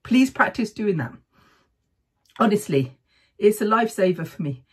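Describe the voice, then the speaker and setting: A middle-aged woman speaks in a relaxed, chatty way, sharing practical tips and often pausing for a quick "okay?". Her voice sits at an ordinary pitch and has a breathy, slightly husky edge. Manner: chatty, keeps adding "okay?". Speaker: vlogger sharing health tips. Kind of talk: casual advice talk to camera.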